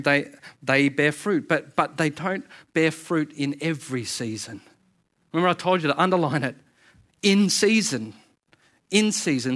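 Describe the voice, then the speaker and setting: A pastor delivers a sermon in a somewhat raised voice. He talks in an animated way, swinging between loud emphasis and quiet asides. He restarts phrases and repeats words as his points build. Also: fairly high pitch. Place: church service.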